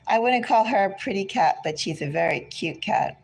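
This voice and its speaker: A woman giving a casual tarot reading from home, chatty and unhurried, drifting into side remarks. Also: mid-range voice, expressive, gravelly, soft background music. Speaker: tarot reader. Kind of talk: casual spiritual reading chat.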